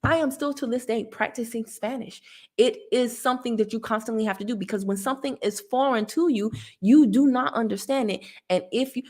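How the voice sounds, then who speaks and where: Southern American woman, credit tips host, high voice, animated and preachy. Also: normal speed. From Southern United States. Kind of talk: casual talk, answering a viewer.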